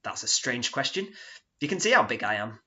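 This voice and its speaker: Deadpan man telling his story. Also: mid-range voice, normal speed. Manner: deadpan, sardonic, self-mocking. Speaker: solo performer narrating in character. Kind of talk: solo theatre monologue. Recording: dull lo-fi recording.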